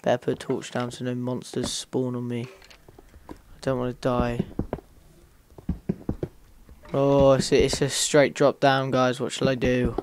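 A man's voice: medium pitch, completely flat delivery, moderate pace, noisy background. A man hosting a gaming channel, casually commenting on his gameplay in a rambling way and talking straight to his viewers. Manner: rambling, talks to viewers while playing.

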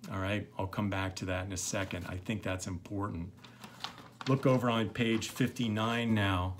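Brief: middle-aged male lecturer, unhurried, rambling, lots of ums. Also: lowish voice. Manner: relaxed, rambling, many fillers. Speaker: literature teacher. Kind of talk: recorded lecture.

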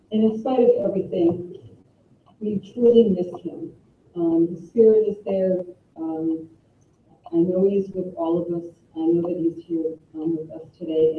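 A woman giving a fond, conversational eulogy for a colleague at a memorial service, pausing often with ums. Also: fairly low pitch. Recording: distant, echoey, tinny lo-fi with faint hiss.

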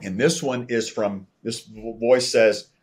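Man, storytelling guest, husky mid-pitched voice, acts out quoted lines. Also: measured pace. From Texas. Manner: animated storyteller acting out quoted dialogue. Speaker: guest telling his conversion story. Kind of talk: storytelling interview.

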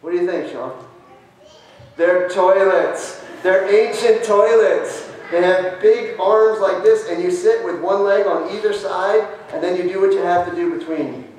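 A man, a pastor, giving a children's message in church, talking in a lively way and asking the children questions. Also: sits high, unhurried, a little hiss or hum. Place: church sanctuary. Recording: very echoey church from far off.

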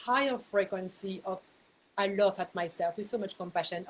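A woman speaking as a spiritual mentor gives her viewers a casual, chatty talk, laughing at herself and repeating words for emphasis. Her voice is mid-range at a moderate pace, and the recording is rough.

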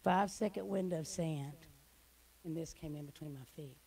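A middle-aged woman, a guest speaker giving an emotional church testimony that swings from hushed to loud. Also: deep voice, normal speed, creaky, poor audio. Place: church hall.

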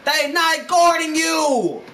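A young man hosting a gaming channel, loudly and profanely ranting at a teammate during gameplay commentary. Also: extremely high pitch, animated, slow pace, gravelly. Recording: noisy home gameplay capture.

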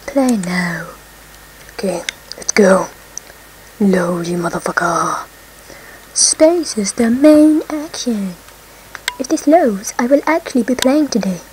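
A woman giving casual let's-play commentary, excitable, swearing often and breaking into squeals and whoops. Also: a little high, a little hiss or hum, rough recording. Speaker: gameplay commentator.

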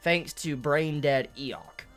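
A woman's voice: sits low, takes it slowly, faint music behind. A woman reviewing anime in an angry, profane rant, stumbling over and repeating her words.

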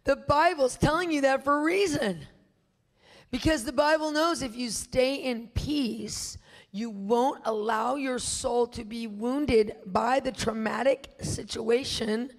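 A woman's voice: on the high side, slow. Emphatic woman preaching in an echoey space. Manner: emphatic, rhetorical questions to the audience. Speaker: guest minister teaching. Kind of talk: preaching a sermon.

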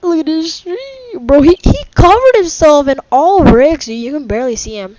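A woman hosting a casual gameplay video at home, reacting excitably and bickering in exasperation with a friend who keeps teasing her. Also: high voice, moderate pace. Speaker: gaming video host. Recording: dull lo-fi mic.

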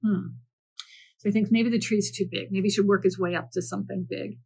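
Librarian, woman, storytime reader, gentle and playful, husky tone. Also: mid-range voice, fairly even intonation, brisk, low-quality recording. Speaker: children's librarian. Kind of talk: reading picture books aloud.

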